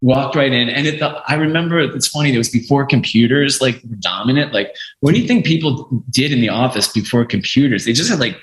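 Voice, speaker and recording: A man and podcast guest telling a story in a casual, animated way, swearing freely and acting out what others said. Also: mid-range voice, a little fast. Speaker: podcast guest, music lawyer. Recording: echoey room.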